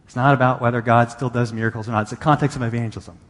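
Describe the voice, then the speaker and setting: A man's voice: mid-range voice, steady tone, racing, in a large hall. A male pastor giving a conversational sermon, reading and paraphrasing scripture with emphasis.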